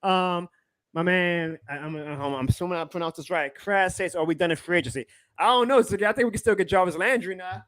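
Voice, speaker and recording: A man hosts a live sports stream, his voice high and bright. He rants hard, swears freely and breaks into laughs between points. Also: brisk. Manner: fired-up ranting, profane, laughs often. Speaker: podcast host.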